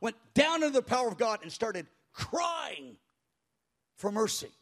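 A man pastor telling a story in a sermon before a live congregation, animated and halting, crying out when he acts out quoted voices. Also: very high-pitched, raised voice. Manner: halting with frequent restarts.

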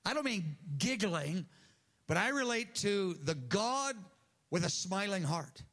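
A man's voice: sits high, big pitch swings, slow, fairly bright tone. An older man preaching an earnest sermon to a congregation, acting out voices in the prayers he quotes. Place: church hall with audience.

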